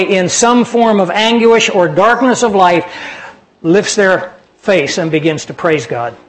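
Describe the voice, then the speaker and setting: A man preaching a sermon, earnestly explaining scripture and dropping his voice low for personal stories. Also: poor audio. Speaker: pastor.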